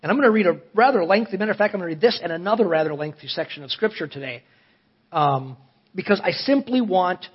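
In this sermon, a male preacher with a fairly high, slightly rough voice reads lengthy scripture passages and asks his congregation earnest questions, with emphatic upward lifts in his delivery. The recording sounds dull and lo-fi.

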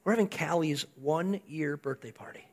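A man's voice: fairly high pitch, moderate pace, darkish tone. An older man, a grandfather, giving a conversational sermon, telling a story and putting rhetorical questions to his congregation. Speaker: pastor.

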